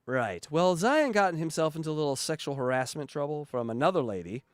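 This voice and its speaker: A man's voice: a little high, lively intonation, a little fast, no echo, studio quality. A man co-hosting a comedy podcast, mocking clips and laughing as he talks. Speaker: co-host.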